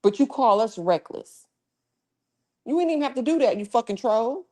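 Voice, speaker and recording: A woman hosts a casual livestream, swearing freely and confronting the trolls in her chat with scolding. Her voice is on the high side and dark in tone, with lively intonation at a normal speed.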